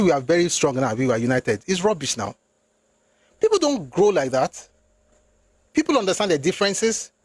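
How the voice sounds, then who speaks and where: Fairly high-pitched yet darkish in tone, a male political commentator delivers an opinionated monologue with no echo. His style is emphatic and rhetorical, slipping into phrases and swelling into indignant outbursts, switching between English and Yoruba.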